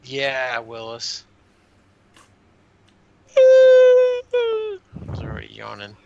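A man's voice: medium pitch, moderate pace, gravelly, muffled recording, heavy background noise. A man co-hosting a movie commentary podcast, trading crude, sarcastic jokes in casual banter. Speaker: podcast co-host.

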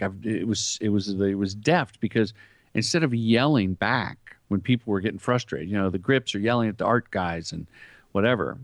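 A middle-aged man with a lowish voice, recorded without echo, tells anecdotes in an interview and acts out the lines he quotes. He's a commercial director and comedian.

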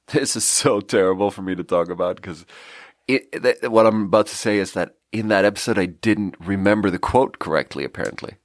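A low-sitting male voice moves briskly in clean studio sound without any echo. The podcast host, alone and congested, rambles and reflects while putting himself down, his accent slipping slightly into South African in this casual monologue.

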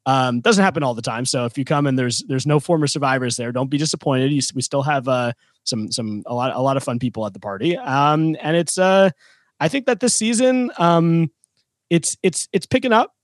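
A man's voice: medium pitch, fairly quick, no room sound, clean studio sound. A man co-hosting a podcast, talking casually with many fillers and restarts while running a trivia game. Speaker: co-host running a trivia segment.

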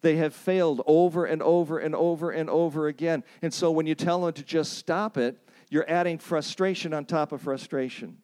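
A man's voice: steady tone, moderate pace, hardly any pauses, darkish tone, smooth. Earnest man teaching a church counseling seminar. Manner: earnest, emphatic, repeats key points for emphasis; acts out pleading phrases in a higher voice.

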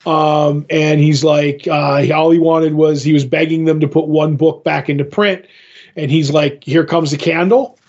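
A man's voice: a little high, little pitch movement, normal speed, a little mellow. Rambling man retelling a story, lo-fi. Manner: rambling, full of ums and "he's like". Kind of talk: casual chat retelling a comic story. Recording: dull lo-fi recording.

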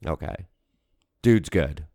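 A man's voice: extremely low pitch, lively intonation, slow pace, dark tone, no echo, clean studio sound. A man co-hosting a podcast in casual chat, rambling with lots of fillers and restarts. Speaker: podcast co-host.

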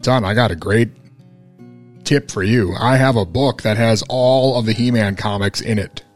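A man's voice: on the low side, normal speed, faint music behind. A man co-hosting a podcast in casual chat, teasing with dry humor. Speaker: podcast co-host.

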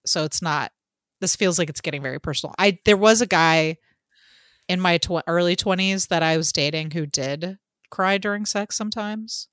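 A woman in her thirties co-hosting a podcast in casual chat, blunt and quick to swear and laugh. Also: fairly low pitch, a bit bright, no echo, studio quality. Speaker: podcast co-host.

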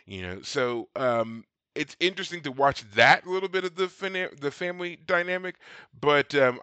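A man co-hosting a podcast, recapping scenes in casual chat and slipping in quick quoted lines. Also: medium pitch, sharp tone, no room sound. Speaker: podcast co-host.

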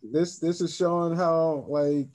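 Mellow halting man, slightly high pitch. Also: fairly even intonation. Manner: halting, filler-heavy, casual. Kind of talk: casual chat.

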